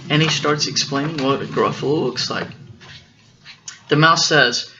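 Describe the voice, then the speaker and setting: A father reading a picture book aloud to his daughters, unhurried, stopping to explain the story and correct himself. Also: on the high side, sharp tone, highs cut off, a little hiss or hum.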